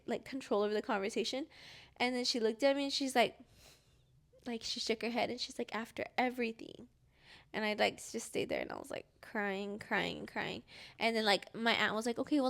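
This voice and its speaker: Young woman, higher voice, rambling storyteller. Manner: rambling, heavy use of "like", acts out quoted dialogue. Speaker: podcast co-host. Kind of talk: casual personal storytelling.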